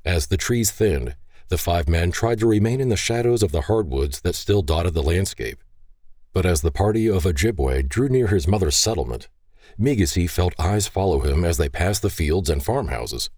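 Male audiobook narrator, very low, mellow tone, animated delivery. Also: normal speed, dry recording, studio quality. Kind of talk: scripted narration.

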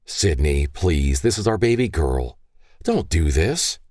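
A man's voice: extremely low pitch, big pitch swings, slow, a little mellow, no room sound, clean studio sound, full character voice. Man doing an anxious mother, urgent and pleading. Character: worried, reasoning middle-aged mother.

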